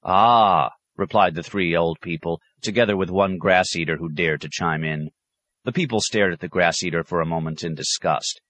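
Deep-voiced male audiobook narrator. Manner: measured, even storytelling. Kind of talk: scripted narration.

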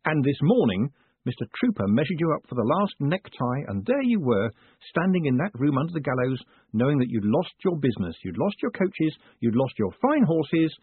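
Brief: man doing a glib con man, cocky and theatrical, husky voice, tinny dry sound. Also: fairly high pitch, big pitch swings, moderate pace, dry recording, voice pushed up. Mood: smug. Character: smooth-talking, cocky young male con man. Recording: phone-like dry audiobook sound.

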